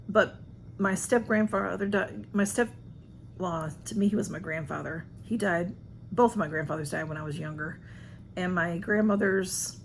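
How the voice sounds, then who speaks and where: A woman's voice: lowish voice, creaky, slight background noise. A woman chatting casually at home, answering a list of personal questions in a rambling, self-deprecating way. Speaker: vlogger.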